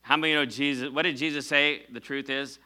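A man's voice: mid-range voice, fairly even intonation, brisk, bright, forceful tone. A middle-aged man preaching a sermon as pastor, speaking conversationally with fillers and self-corrections and calling on the congregation to answer. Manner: preaching with call-and-response to the congregation.

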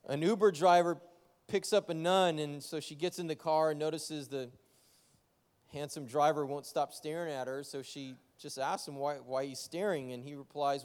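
Upbeat pastor with a high, smooth voice. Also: male voice, normal speed. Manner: joking, energetic, talks straight to the congregation. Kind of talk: sermon. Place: church sanctuary. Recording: long church hall reverb.

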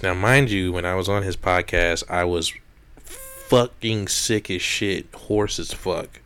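Young male podcast co-host: low, smooth voice, rambling, swears freely. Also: measured pace, fairly bright tone. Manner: rambling, profane, jokey. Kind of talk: casual chat.

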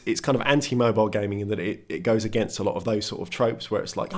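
A man with a lowish voice talks fast in relaxed chat, co-hosting a podcast. He rambles through his points with plenty of "like" and "kind of". His delivery stays fairly even, close to monotone. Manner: thoughtful, explains at length with many "like" and "kind of"; calls his own voice monotone. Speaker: podcast co-host. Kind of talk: casual chat. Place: at a table with his co-host.

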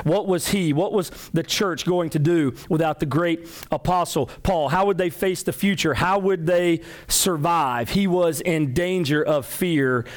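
Animated, higher-voiced male preacher. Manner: animated storytelling with acted-out quotes. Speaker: pastor. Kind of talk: sermon.

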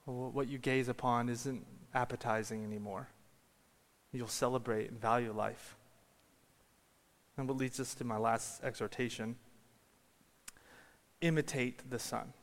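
A man delivers a sermon in a church, mid-pitched and unhurried. He tells stories and rises to loud peaks, and the long reverb of a large hall trails after each phrase. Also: fairly even intonation. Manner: storytelling, builds to shouted climaxes. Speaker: preacher.

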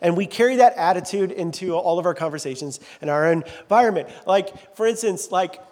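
A man's voice: sits high, a little fast, darkish tone, in a large hall. A man preaching a sermon as a pastor in a church, talking in a loose, joking, self-deprecating way. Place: large church sanctuary.

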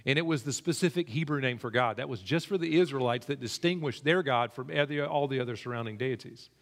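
A male pastor delivers a sermon in a relaxed, talking-it-through style, climbing higher when he drives a point home. His voice sits at an ordinary middle pitch for a man. A long reverb from the church hall trails after his words. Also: fast. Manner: conversational preaching, rising in pitch when emphatic.

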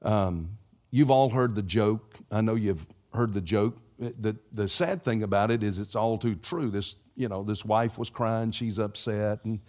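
A man's voice: lowish voice, steady tone, measured pace, a little mellow. Older man preaching with earnest repetition. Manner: earnest, repetitive preaching cadence with folksy asides. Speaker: pastor. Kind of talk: sermon.

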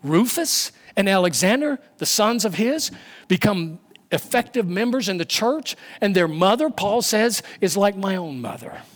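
High-voiced preacher man, emphatic sermon. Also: lively intonation, unhurried. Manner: emphatic, rising and falling delivery with repetition.

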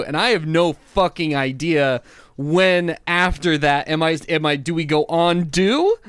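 A young adult man co-hosting a podcast in casual chat, wry, teasing and deadpan. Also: a little high, unhurried, smooth, dry recording. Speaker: podcast co-host.

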